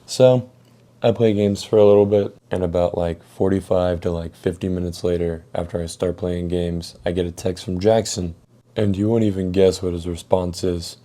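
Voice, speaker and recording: A man's voice: low voice, level tone, normal speed, warm tone. A young man tells a casual storytime vlog in a laid-back, profane way. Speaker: storytime YouTuber.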